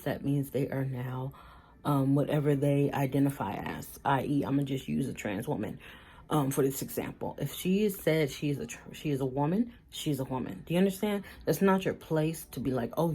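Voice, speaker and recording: A woman's voice: rumbling low, lively intonation, brisk, dark tone, husky. A woman in her thirties vlogging from a car, giving her blunt, outspoken opinions and swearing freely. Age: 30s. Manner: mocks others with trailing "da, da, da". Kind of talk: casual opinion rant to camera.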